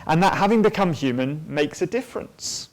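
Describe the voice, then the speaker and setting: A man's voice: on the high side, lively intonation, moderate pace. A man giving a church teaching talk on theology, thoughtful and unscripted, with frequent ums and restarts. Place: church hall at a weekend away.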